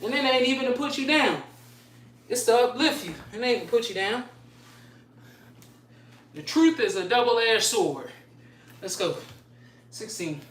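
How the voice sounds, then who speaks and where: A woman's voice: a little high, animated, measured pace, long pauses, a little hiss or hum. A woman streaming a workout live, counting her push-up reps aloud, winded and sighing between sets, trading slangy trash talk. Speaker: fitness streamer. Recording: echoey room, far from the mic.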